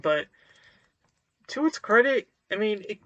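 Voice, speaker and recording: Guy doing a chill book review vlog, kinda high voice, slow, lots of uhs, dry mic. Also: animated, fairly bright tone, no room sound, lo-fi sound. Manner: slow, hesitant, lots of fillers and restarts. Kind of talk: casual talking-head book review.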